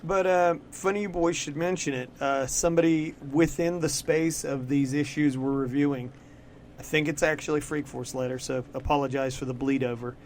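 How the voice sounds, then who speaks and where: A man co-hosting a podcast, chatting casually about comics in a loose, profane way, full of "like" fillers and quick laughs. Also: on the high side, steady tone, a little hiss or hum. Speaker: podcast co-host. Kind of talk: casual comic-book chat.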